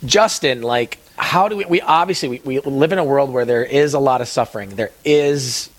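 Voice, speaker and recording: A man's voice: medium pitch, moderate pace. A man hosting a Catholic radio talk show, asking long, rambling questions full of fillers. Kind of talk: casual radio interview.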